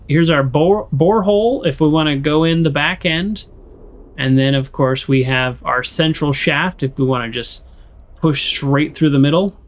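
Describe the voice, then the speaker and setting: An American man casually playing through a story game, reading the text aloud and rambling in jokes between choices. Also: on the high side. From United States. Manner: rambling, joking, with restarts. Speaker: let's play host.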